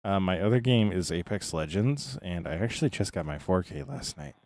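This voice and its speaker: Deep-voiced tired male streamer, dry sound. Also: a little fast, gravelly, no room sound. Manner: relaxed, chatty, greets chat by name. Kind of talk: casual live-stream chat.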